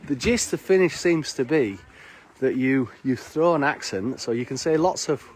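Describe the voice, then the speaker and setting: A chatty man hosts a live walking stream outdoors on snowy streets, greeting his viewers one by one. His voice sits at an ordinary middle pitch. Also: animated, normal speed. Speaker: live-stream host and bar worker.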